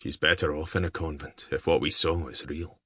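A man voicing a grave, wary medieval laird who speaks low and measured. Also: steady tone, bright, forceful tone, breathy edge, no room sound, studio quality, full character voice.

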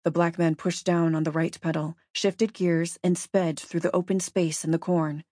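A woman narrating a story in a steady, measured audiobook reading. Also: lowish voice, no echo, studio quality.

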